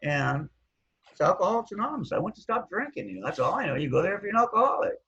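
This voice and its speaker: A man with a husky voice casually telling his recovery story, rambling and looping back with "anyways", on a dull lo-fi recording. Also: high voice, very animated, fast talker, sharp tone. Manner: rambling, keeps saying anyways.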